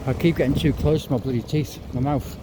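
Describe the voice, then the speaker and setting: A man's voice: mid-range voice, fairly even intonation, fairly quick. Breathless rambling man in his fifties on city streets. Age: 50s. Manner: chatty, rambling, swears and apologizes. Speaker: travel vlogger. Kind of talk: casual walking vlog. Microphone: clip-on mic to phone. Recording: outdoor street noise.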